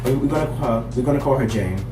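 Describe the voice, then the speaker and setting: A young man with a medium-pitched voice talks fast, rambling through a casual story and leaning heavily on "like." He sounds far from the mic in a roomy space, with faint music in the background.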